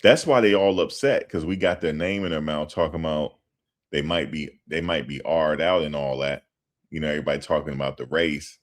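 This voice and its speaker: A man doing casual commentary on a livestream. He talks in an animated, slangy way and repeats himself for emphasis. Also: extremely low pitch, a little fast.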